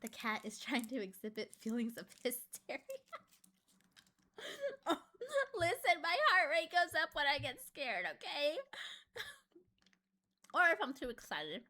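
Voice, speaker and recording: A young woman streaming a horror game live, reading the story aloud in a hushed, dramatic way and squealing and giggling when startled. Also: high-pitched, sing-song, unhurried, pauses often.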